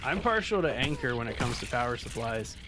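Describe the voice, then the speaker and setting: A young man streams a game and rambles to his viewers in a loose, casual way, full of fillers and restarts. His pitch sits in the middle for a man, and a faint hiss runs under the recording. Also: very animated, fairly quick. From Southern California. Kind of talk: casual gameplay chat with live viewers.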